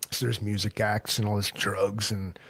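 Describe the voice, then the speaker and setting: A man from New York hosting a livestream on a video call, telling stories in a loose, profane, animated way. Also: on the low side, unhurried, slightly rough, no echo. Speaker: livestream host. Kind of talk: casual chat.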